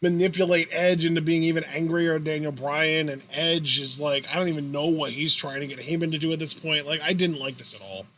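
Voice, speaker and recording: A man co-hosting a wrestling review show, chatting casually and giving measured, dry opinions. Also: on the high side, steady tone, fairly bright tone, a little hiss or hum, low-quality recording. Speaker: podcast co-host.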